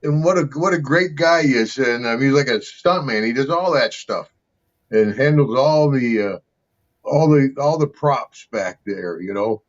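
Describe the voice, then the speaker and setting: A man's voice: medium pitch, expressive, unhurried. An older man, an interview guest, telling casual rambling stories and laughing often between them. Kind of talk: casual storytelling. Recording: slightly dull lo-fi sound.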